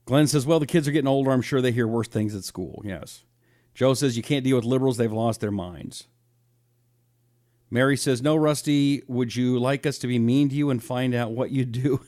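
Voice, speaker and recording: A middle-aged male talk show host chatting loosely on a live stream. He rambles with false starts and reads viewer comments out loud in an ordinary mid-pitched voice. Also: normal speed.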